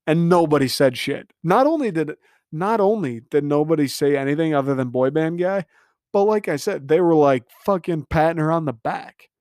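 A man's voice: on the high side, lively intonation, moderate pace, darkish tone, dry recording, clean studio sound. A young man hosting a podcast, recapping a reality dating show in a casual, profane, sarcastic rant full of mocking asides. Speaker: podcast host.

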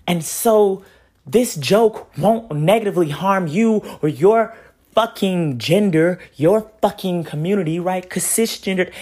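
A man delivering an angry, profane monologue straight at someone, often ending his points with "right?" and swinging from loud outbursts to low, hushed lines. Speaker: commentator. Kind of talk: heated monologue addressed to a comedian.

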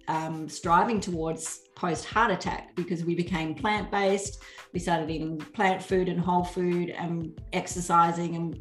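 A middle-aged woman, a podcast guest, telling a personal story in a warm, earnest way and often acting out what people said. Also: on the low side, echoey room. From Australia. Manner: warm, earnest, laughs often, acts out quoted speech. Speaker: guest author. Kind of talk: casual storytelling in a podcast interview.

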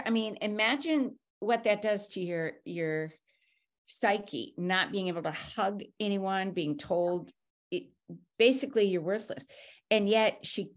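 A woman on a faith podcast who talks earnestly and builds her point through repetition. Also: mid-range voice.

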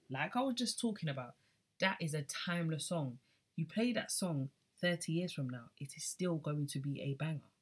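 A woman with a low, husky voice talking through her favourite songs on her podcast. She is chatty and loose, slipping from one accent to another as she goes. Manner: chatty, drifts between accents. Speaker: podcast host. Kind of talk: casual music chat.

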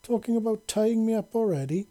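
A man's voice: sits high, fairly quick, mellow, voice pushed up, close to an everyday voice. A man reading aloud, voicing a cheeky young human man who jokes around and stammers when caught off guard. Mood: joking. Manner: joking, stammering.

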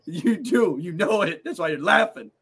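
Dude ranting on a sports pod, cussing, kinda high voice. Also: male voice, expressive, moderate pace, gravelly, fairly bright tone, breathy edge. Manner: profane, heated and ranting. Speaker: podcast co-host. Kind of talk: casual sports podcast banter.

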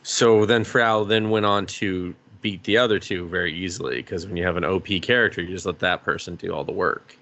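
A man's voice: deep voice, fairly even intonation, fairly quick, few pauses, a bit bright, highs cut off. A man co-hosting a casual anime podcast, talking in a sarcastic, jokey way. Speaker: podcast co-host.

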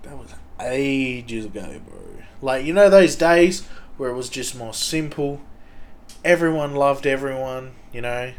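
A young man with an Australian accent talks at an unhurried, slow pace. He rambles through a casual story in a laid-back way, swearing often and filling pauses with ums and likes. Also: medium pitch. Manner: laid-back, heavy swearing, many fillers.

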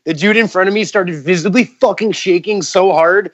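A man guesting on a casual podcast chat, telling stories with animated energy and frequent swearing. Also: high voice, normal speed, dry recording, highs cut off. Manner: animated storyteller, swears freely.

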